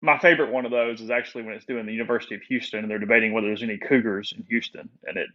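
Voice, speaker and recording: A man's voice: on the low side, fairly even intonation, bright, forceful tone. A man co-hosting a casual sports podcast, chiming in conversationally. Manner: conversational, quick to agree and chime in. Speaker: podcast co-host. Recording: slightly dull, lo-fi audio.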